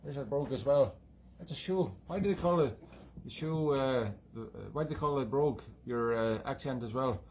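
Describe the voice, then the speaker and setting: Man playing a cheeky male leprechaun, put-on Irish brogue, rambling corny jokester, middle pitch, faint background noise. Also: fairly quick, close to an everyday voice. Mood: playful. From Scotland. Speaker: musician and show host. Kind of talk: casual comic chat between tunes.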